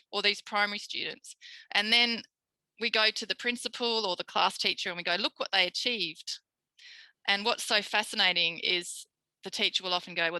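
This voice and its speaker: An Australian woman, a speech pathologist, giving a recorded tutorial lecture in a lively way, acting out quoted voices. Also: mid-range voice, no room sound, low-quality recording. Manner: animated, acts out quoted voices.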